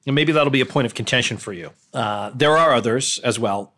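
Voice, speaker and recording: A male podcast host talks through films on his own, blunt and opinionated, with a conversational style full of hesitations. His medium-pitched voice is fairly quick and sounds pushed and bright.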